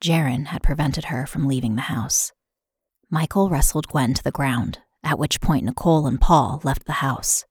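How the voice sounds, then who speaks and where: Low husky woman narrating true crime. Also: normal speed, no room sound, clean studio sound. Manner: steady, matter-of-fact reading. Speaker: podcast host.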